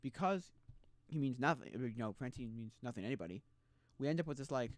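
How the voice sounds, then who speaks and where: A man's voice: medium pitch, expressive, dry recording. A man in his casual stream chat, rambling and stumbling through restarts in a mid-range voice. He is recorded close and dry, with no room sound around him. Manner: rambling, halting with restarts, mocking quoted voices.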